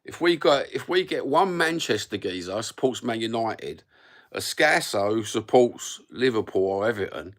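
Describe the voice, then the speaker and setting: A man's voice: medium pitch, big pitch swings, normal speed, fairly bright tone. A man in his fifties with a Cockney accent, chatting and ranting casually on a live stream in a rambling, sweary, blokey way, recorded on a phone. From London. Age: 50s.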